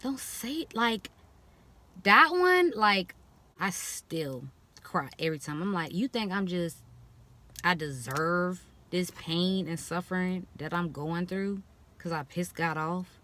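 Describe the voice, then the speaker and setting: A woman's voice: lowish voice, slow pace. A young woman in a casual talking-to-camera vlog, speaking frankly and bluntly and acting out the things people say to her in mocking voices. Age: young adult. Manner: animated, expressive, quoting others in mocking voices. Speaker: vlogger.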